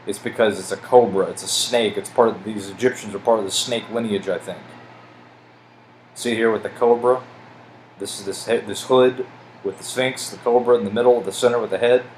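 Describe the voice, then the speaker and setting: A man with a lowish voice rambles through a casual commentary over pictures, getting excitable and swearing. He stumbles when he reads text aloud. A faint air-conditioner hum sits behind him. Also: moderate pace, rough recording. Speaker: conspiracy video host.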